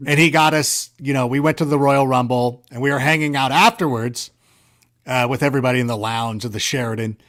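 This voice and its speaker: A man being interviewed, casually rambling through stories in an animated, self-correcting way with a sarcastic streak. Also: medium pitch, fairly quick. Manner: sarcastic banter. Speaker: guest. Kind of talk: casual storytelling.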